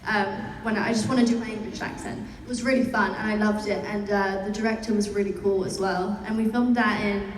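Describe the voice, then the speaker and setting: A woman's voice: medium pitch, fairly even intonation, brisk, few pauses, far from the mic. A young woman chatting and telling stories to fans at a convention panel, laughing as she goes. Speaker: actor answering fan questions at a panel. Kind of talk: casual chat. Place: large convention hall. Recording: echoey hall, heard from afar.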